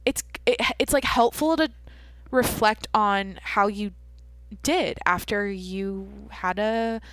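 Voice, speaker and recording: A young woman hosts her own podcast from home at night, delivering a casual solo monologue. She tells a long, rambling story packed with swearing and self-interruptions. Her mid-range voice is slow, a bit bright, clear and resonant, captured in a dry recording.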